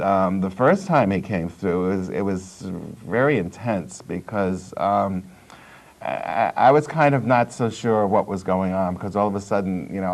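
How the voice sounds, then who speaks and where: A man with a rather low voice talks earnestly and at length. He lays out his account step by step, like a talk show guest telling his story. His delivery is explanatory rather than showy. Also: a little mellow. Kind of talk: studio talk show discussion.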